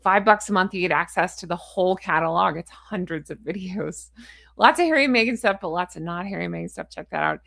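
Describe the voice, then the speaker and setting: A woman's voice: lowish voice, very animated, fast talker, gravelly, fairly bright tone, dry recording, clean studio sound. A woman vlogger in casual chat to camera, frustrated, blunt and ranting, with a chatty, rambling sign-off. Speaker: royal commentary vlogger.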